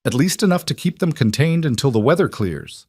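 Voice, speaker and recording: A man's voice: medium pitch, sing-song, fairly quick, darkish tone, slightly rough, dry recording, studio quality, pitched above the performer's own voice. A man voicing a determined young ranch woman who gives firm, urgent instructions.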